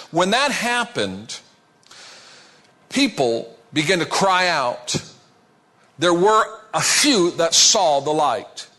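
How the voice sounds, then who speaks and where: A middle-aged man preaching, telling a testimony in a dramatic storytelling manner that drops suddenly to a low voice. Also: sharp tone. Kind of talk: sermon testimony.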